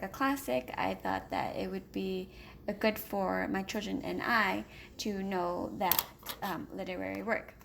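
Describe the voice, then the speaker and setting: A woman chatting casually on camera as a homeschooling parent, hurried and rambling with many filler pauses. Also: mid-range voice, creaky, fairly bright tone, slight background noise. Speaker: homeschooling parent reviewing books. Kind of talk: casual vlog chat.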